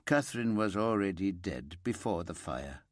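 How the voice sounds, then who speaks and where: A man voicing a low, careful detective inspector. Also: animated, normal speed, dry recording, studio quality. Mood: gentle. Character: weary male detective inspector, gentle and careful.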